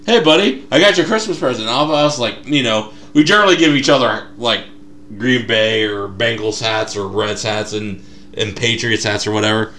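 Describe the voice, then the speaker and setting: In a casual podcast chat, a young male co-host with a mid-range voice at normal speed tells an animated story full of acted-out quotes. There's a little hiss or hum on the recording.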